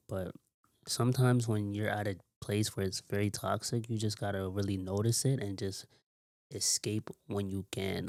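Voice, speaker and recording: Man, casual vlog storytelling, rambling delivery, low-pitched, dry recording. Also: darkish tone, no echo. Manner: rambling, repeats himself, many "like" fillers. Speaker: vlogger.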